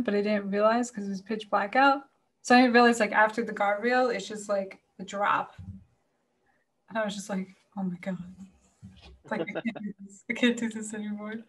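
A woman from Florida telling a story in casual podcast chat, animated, filling her talk with "like" and cursing freely. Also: mid-range voice. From Florida, USA. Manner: animated, heavy use of "like", swears freely. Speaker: podcast guest.

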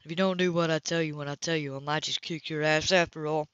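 A reader voicing a hot-tempered grown man who talks in a gruff, blunt, swearing way, in a dull lo-fi recording. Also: fairly high pitch, fairly even intonation, quick pace, fairly bright tone, no room sound, natural voice. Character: angry rough-edged grown man, hot-tempered brother.

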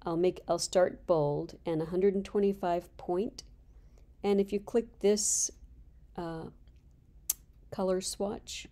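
Slow, low-voiced woman instructor. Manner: calm step-by-step explaining. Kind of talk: screen-recorded software tutorial.

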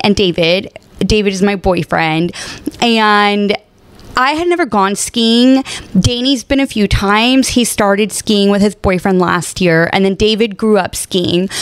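A woman hosting a casual solo podcast, telling stories in a candid, expressive way and swearing often. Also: medium pitch, clean tone, no room sound. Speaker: podcast host.

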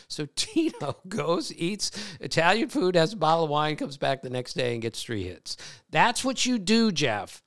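Animated, bright-voiced male podcast host. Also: a little high, normal speed. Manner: animated, laughs often, tells stories. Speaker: podcast host, baseball reporter. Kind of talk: casual chat, storytelling.

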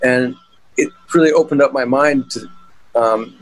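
A man's voice: medium pitch, unhurried, poor audio. A middle-aged man, a guitarist, telling stories in an interview in a rambling way with many fillers and restarts. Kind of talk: casual interview storytelling.

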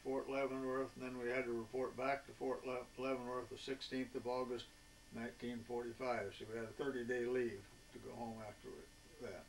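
An elderly man in his eighties tells old war stories in a folksy, meandering way, stopping often on filler sounds. His voice stays level and flat. He sits away from the mic, with a faint hiss of background noise behind him. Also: medium pitch, recorded from a distance, low-quality recording. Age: 80s. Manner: folksy and rambling, with many filler pauses. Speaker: veteran interviewee. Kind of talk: oral history reminiscence.

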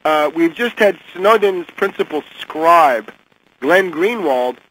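Older man, higher voice, halting commentary. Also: animated, fairly bright tone, a little hiss or hum, rough recording. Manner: hesitant, repeats words, pointed criticism. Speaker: guest commentator. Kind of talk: phone-in radio interview.

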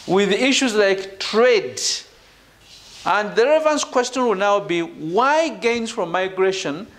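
A man teaching a PhD seminar, stressing key words and checking in with "right?" and "ladies and gentlemen". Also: sits high. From Uganda. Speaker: university lecturer. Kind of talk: online PhD seminar lecture.

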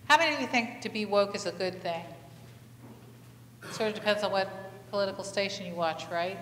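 A woman's voice: medium pitch, brisk, a bit bright, slight background noise. A woman pastor giving a conversational sermon, asking the congregation many questions and telling stories with animation. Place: church sanctuary. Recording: echoey church hall, faint ambience.

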